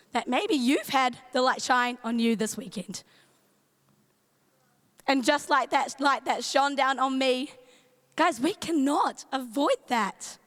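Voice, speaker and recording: Woman youth leader, New Zealand accent, strained voice, high and unhurried, big-hall reverb. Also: fairly bright tone. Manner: playful, chatty, greets in Māori. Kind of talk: youth camp talk. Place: large events centre stage.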